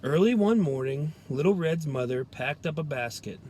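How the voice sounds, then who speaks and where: A man, a police trooper, reading a children's story aloud in a gentle, expressive storytelling way. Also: a little high, normal speed, a little hiss or hum.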